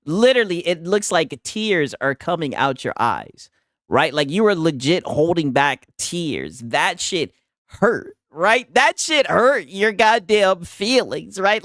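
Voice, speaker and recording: A male stream host in casual trash-talk commentary, mocking and laughing as he talks. His pitch swings widely from line to line. The sound is dry and close, with no room around it. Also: fairly bright tone, dry recording. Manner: mocking, laughing, tags lines with "right?".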